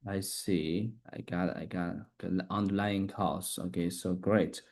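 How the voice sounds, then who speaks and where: A man learning English, talking haltingly, restarting sentences and spelling words letter by letter. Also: sits low, fairly even intonation, a little mellow. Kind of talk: casual practice conversation.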